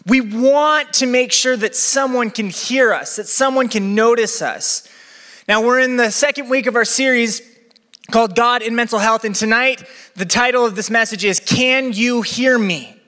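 High, bright-voiced young male pastor. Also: moderate pace. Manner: energetic, chatty, acts out quotes. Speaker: campus pastor. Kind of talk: sermon to a live audience. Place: church venue with balcony. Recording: long hall reverb.

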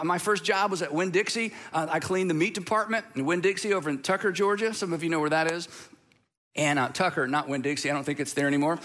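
A man's voice: high voice, pushed and bright. A middle-aged American man, a pastor, preaching a sermon with personal stories and self-deprecating asides.

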